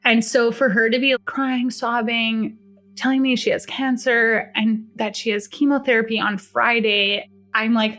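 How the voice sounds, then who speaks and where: A woman's voice: fairly high pitch, little pitch movement, unhurried, a bit bright, soft background music. Emphatic, blunt woman telling her story. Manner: emphatic, blunt and profane, acting out dialogue. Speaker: podcast guest sharing a personal story. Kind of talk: first-person storytelling.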